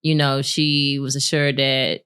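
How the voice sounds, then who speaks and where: A woman's voice: rumbling low, measured pace, clean tone. A married woman co-hosting a podcast, candidly telling a personal story in casual chat and acting out what people said. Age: adult, married with a son. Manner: candid, animated retelling with laughs and acted-out quotes. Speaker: podcast co-host.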